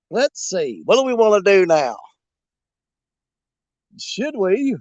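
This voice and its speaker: Older fishing host: high, lively voice with a bouncy pitch, joking and rambling with live viewers, laughing often. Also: male voice, slow pace, dry recording, muffled recording. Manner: jokey and rambling, laughs a lot. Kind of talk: casual live-stream chat. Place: outdoors at a creek.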